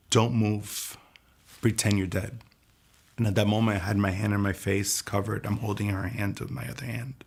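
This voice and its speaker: A man telling his personal testimony in an earnest, soft-spoken way. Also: on the low side, vocal fry. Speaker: testimony speaker.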